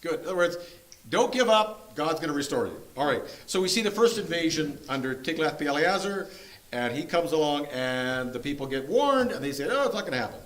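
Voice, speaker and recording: A man's voice: a little high, expressive, normal speed, fairly bright tone. A man leading a church Bible study group, teaching casually with jokes and playful sound effects.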